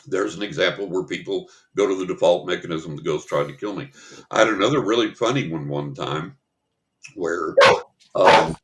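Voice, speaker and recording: A man with a lowish voice tells a story on a paranormal talk show. He talks in a casual, chatty way and slips into the voices of the people in his story. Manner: animated storyteller acting out voices in quotes.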